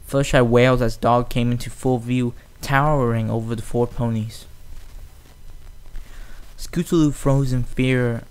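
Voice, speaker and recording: Guy reading a fan story out loud, plain, restarts lines sometimes. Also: mid-range voice, fairly even intonation, unhurried, clean tone. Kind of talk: fan audiobook narration.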